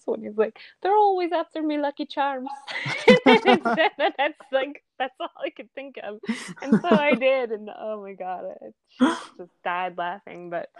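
A young woman chats easily about her work, animated and quick to laugh. Her voice sounds dry and close, with no room around it. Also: medium pitch, dry recording. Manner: laughs often, chatty and animated. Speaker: restaurant manager. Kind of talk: casual chat.

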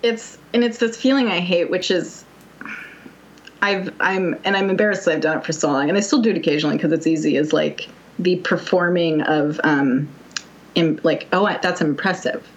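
A woman's voice: lowish voice, moderate pace, muffled recording. A young woman chatting casually, telling a dating story in a rambling way, full of fillers and wry quoted asides. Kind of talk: casual chat.

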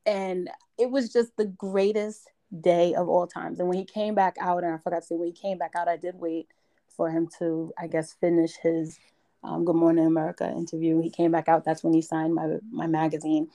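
Excited woman from Brooklyn telling a story. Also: on the low side, moderate pace. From Brooklyn, New York. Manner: excited, emphatic retelling with repetitions. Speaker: interview guest. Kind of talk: casual storytelling.

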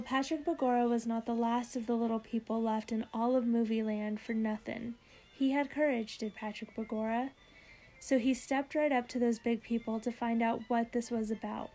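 A woman narrating a children's storybook with lively, expressive delivery. Her voice sits a bit high for a woman, with faint music underneath. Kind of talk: storybook read-aloud.

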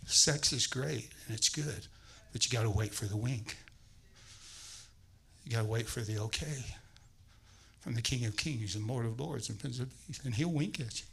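Male guest preacher, sermon, bright tone, animated storyteller. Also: mid-range voice, moderate pace, creaky, breathy edge, poor audio. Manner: animated storytelling, acting out voices.

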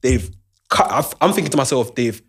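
Young man, quick speech, husky voice, animated storytelling, slangy. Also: medium pitch. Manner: animated, repeats "do you understand", London slang. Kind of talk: casual storytelling chat.

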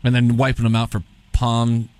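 A man hosting a casual chat, relaxed and jokey, asking easy follow-up questions. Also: mid-range voice, normal speed. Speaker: podcast host.

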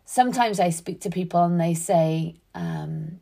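Earnest woman, low voice. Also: wildly swooping pitch, measured pace, few pauses, warm tone. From Wales. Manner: earnest, conversational, many fillers. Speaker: podcast host. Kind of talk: motivational monologue.

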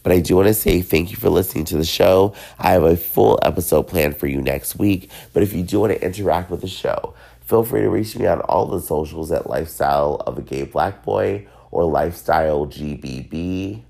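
A man's voice: sits low, moderate pace, creaky, mellow. A man hosting his own podcast, talking in a loose, rambling solo rant while congested, sick and drunk. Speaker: podcast host.

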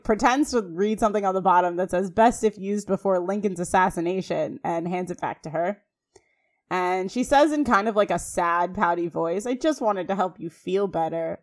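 A woman co-hosting a podcast, recapping a TV episode scene by scene in a chatty, animated way with frequent fillers. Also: medium pitch. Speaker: podcast co-host.

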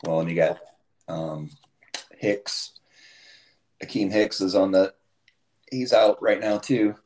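Very deep-voiced man, deadpan banter. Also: slow pace, a little hiss or hum. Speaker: co-host. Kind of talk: casual banter.

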